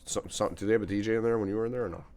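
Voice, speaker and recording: A man's voice: on the low side, steady tone, rapid-fire, darkish tone. A man hosting a podcast in casual chat, laid-back and swearing freely. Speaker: podcast host.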